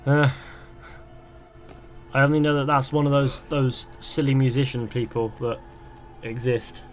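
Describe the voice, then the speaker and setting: A man's voice: medium pitch, little pitch movement, measured pace, soft background music. A young man streaming a game live, chatting casually and reading viewers' questions aloud before rambling through his answers. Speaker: gaming streamer.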